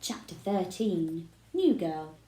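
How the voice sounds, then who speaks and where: A woman reading a children's book aloud with expressive storytelling. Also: on the low side, takes it slowly. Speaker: reader. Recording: roomy echo.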